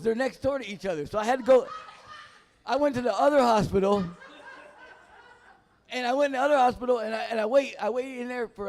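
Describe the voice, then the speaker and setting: High-voiced rambling stand-up comedian. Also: male voice, darkish tone. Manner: rambling, loses his train of thought; profane, casual storytelling. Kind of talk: live stand-up set. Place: dive bar comedy room.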